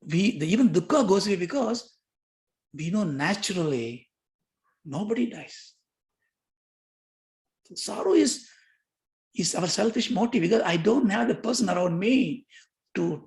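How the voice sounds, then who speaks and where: A man's voice: high voice, unhurried, vocal fry, pauses often. Older man teaching yoga philosophy. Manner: lively, questioning, repeats himself. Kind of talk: lecture on yoga sutras.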